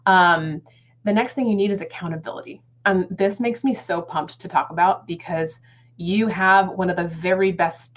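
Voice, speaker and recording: A woman in her thirties giving an upbeat motivational talk on a live webinar, speaking to viewers as friends. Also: fairly low pitch. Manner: enthusiastic, addresses viewers as friends and guys. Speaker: guest speaker on goal setting. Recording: slightly dull lo-fi webinar audio.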